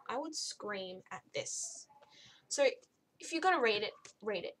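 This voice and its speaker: A woman's voice: mid-range voice, expressive, unhurried, fairly bright tone. A young woman giving a casual, blunt and exasperated spoken book review, rambling with frequent restarts.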